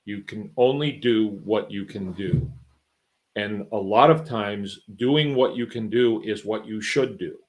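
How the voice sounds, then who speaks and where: A man's voice: lowish voice, measured pace. A middle-aged man hosting his own farm show, talking in a folksy, rambling, conversational way with lots of fillers. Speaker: podcast host and farmer. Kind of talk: casual monologue.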